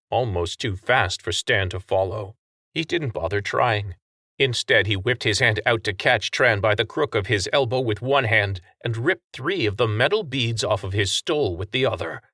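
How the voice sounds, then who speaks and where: A man narrating a story aloud, steady and expressive. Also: medium pitch, no room sound, clean studio sound. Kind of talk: audiobook narration.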